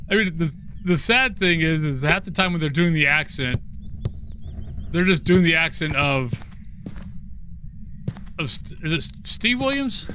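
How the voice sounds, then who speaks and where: Male game streamer, bright slightly higher voice, relaxed chatty banter, self-deprecating. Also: measured pace, pauses often, a little hiss or hum. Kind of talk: casual gameplay chat.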